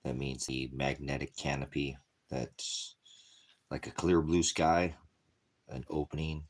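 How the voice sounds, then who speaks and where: A man's voice: rumbling low, little pitch movement, a little slow, breathy edge. A man chatting casually in the desert for an outdoor cooking vlog, talking with his mouth full between bites. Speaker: vlogger.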